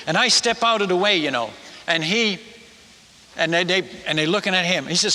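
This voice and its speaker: Bright, high-voiced male preacher, lively storyteller, hall echo. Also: fairly quick. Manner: animated storyteller, folksy asides and restarts. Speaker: preacher and former missionary. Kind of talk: storytelling sermon. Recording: long reverb of a large hall.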